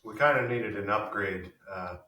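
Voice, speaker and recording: A man's voice: lowish voice, moderate pace. A man in a band, talking casually and rambling with many fillers from a basement studio. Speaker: band member guest. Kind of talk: casual chat. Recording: roomy, distant mic, faint noise.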